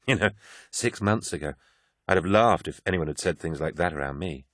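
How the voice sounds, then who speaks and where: A man voicing a fierce young woman in an audiobook who speaks plainly and earnestly and shouts when she is attacked. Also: low voice, normal speed, dry recording, studio quality. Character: fierce young woman, former skeptic turned believer. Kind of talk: audiobook character voice.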